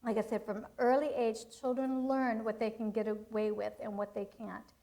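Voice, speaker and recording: Middle-aged female speaker, high-ish voice, lively faith-based parenting talk. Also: normal speed, rough recording. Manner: animated storytelling, laughs often, acts out quotes. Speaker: Christian child-training speaker. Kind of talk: storytelling talk to a church audience.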